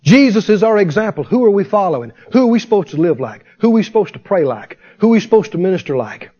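Man preaching, very high voice, lively swooping pitch, fervent call-and-response, dull lo-fi recording. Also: fast, slightly rough. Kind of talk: sermon.

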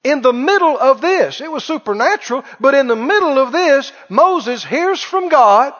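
A male preacher with a very high voice delivers a dramatic sermon in a large auditorium, stretching important words out slowly and firing questions at the congregation. The sound is dull and lo-fi, with a long reverb trailing behind him. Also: animated, a bit bright.

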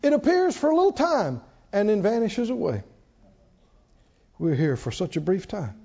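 In a church hall, a man preaches a sermon in a high, dark-toned voice with big pitch swings and vocal fry, at a moderate pace. He prompts the congregation to answer and repeat lines after him, and the sound is dull with long reverb.

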